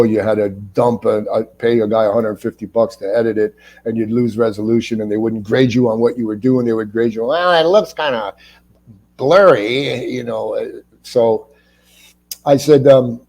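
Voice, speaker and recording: Mellow-voiced middle-aged man telling stories. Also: fairly low pitch, moderate pace. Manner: animated, acts out the people in his stories; restarts and stammers when excited. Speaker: actor, interview guest. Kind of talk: casual anecdotal storytelling.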